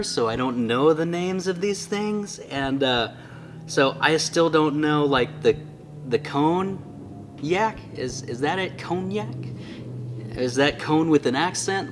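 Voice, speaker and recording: A man talking casually and with enthusiasm in a product review vlog, often amused and slowly sounding out tricky words. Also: on the high side, a little hiss or hum. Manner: enthusiastic and chatty, often amused by his own slips. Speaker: Bible binding reviewer.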